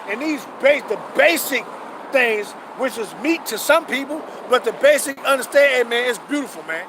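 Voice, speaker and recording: A man preaching outdoors, emphatic and profane, reading scripture slowly and asking rhetorical questions. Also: extremely high pitch, noisy background. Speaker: street preacher. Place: outdoors on a city street.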